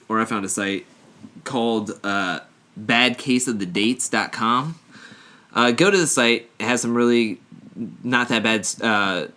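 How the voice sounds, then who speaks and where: Male co-host, bright voice, casual rambling banter full of jokes and laughter. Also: fairly low pitch, smooth. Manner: joking, rambling, laughs often. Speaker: podcast co-host. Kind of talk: casual chat, reading stories aloud.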